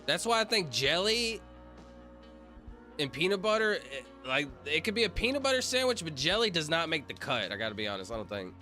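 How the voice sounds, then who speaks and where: Male streamer, loose rambling chat, bright and animated, faint background music. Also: a little high, brisk. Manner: rambling, joking, reading chat aloud. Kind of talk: casual livestream chat.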